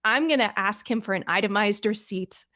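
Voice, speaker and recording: A woman's voice: mid-range voice, moderate pace, sharp tone, lightly acted. A woman voicing a flustered male ship captain in a spoken anecdote, with exasperated outbursts.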